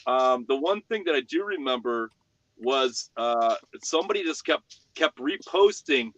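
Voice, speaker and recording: A man's voice: mid-range voice, expressive, normal speed, fairly bright tone, no echo, muffled recording. A man on a livestream panel telling stories animatedly, laughing and swearing. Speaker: panel member on a livestream chat show. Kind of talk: casual chat.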